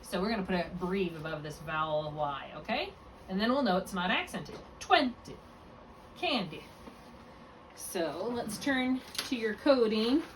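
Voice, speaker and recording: A woman's voice: medium pitch, animated, normal speed. A woman tutoring a student one-on-one in phonics. She explains step by step and often stops to correct herself. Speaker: reading tutor. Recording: distant mic with faint room noise.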